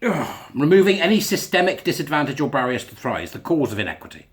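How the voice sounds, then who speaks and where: A man's voice: fairly high pitch, sing-song, quick pace. A man giving a sarcastic, sweary commentary as he reads passages aloud and mocks them. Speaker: commentator reading and rebutting a school policy. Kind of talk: ranting commentary.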